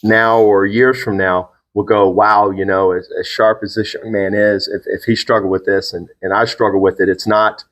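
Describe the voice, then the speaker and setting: A man's voice: on the low side, level tone, moderate pace, hardly any pauses, a bit bright. Earnest middle-aged father hosting. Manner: earnest, encouraging, reflective. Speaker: podcast host, father. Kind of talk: casual conversation.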